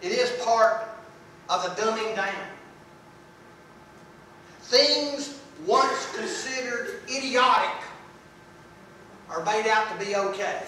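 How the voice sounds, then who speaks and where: A man with a drawl delivers a sermon in a folksy, emphatic way and leans on repeated words. His voice sits high and bright, and he speaks slowly. He is heard from some way off the mic in a strongly echoing room. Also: a little hiss or hum. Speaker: preacher. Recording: echoey room, voice from a distance.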